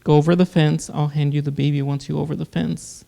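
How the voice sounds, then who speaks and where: A man's voice, fairly high for a man and held to a flat, even pitch. He tells a personal story earnestly in casual podcast talk, stopping and restarting his sentences. His tone is mellow and smooth, with some gravel. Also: brisk. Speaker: guest, producer.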